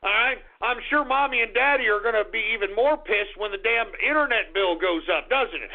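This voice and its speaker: Man, radio host, angry insulting rant, very high voice, gravelly edge, tinny phone-line sound. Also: normal speed. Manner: abrasive, insulting, shouting.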